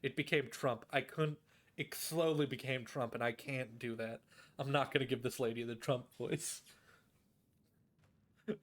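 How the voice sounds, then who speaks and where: A man's voice: mid-range voice, steady tone, a little slow, pauses often, fairly bright tone. A man streaming a game, chatting and joking between lines. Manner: joking, chatty asides with laughter. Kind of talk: casual gaming stream chat.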